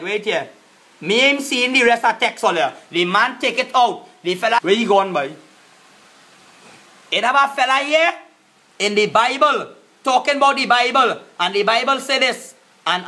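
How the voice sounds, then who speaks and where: A Trinidadian man rants live to his viewers, his voice pitched unusually high for a man. The tone is sharp and forceful. He cusses, repeats his jabs, and calls people out one after another. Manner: cussing, repetitive, confrontational. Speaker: live-stream vlogger. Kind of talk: angry live-stream rant.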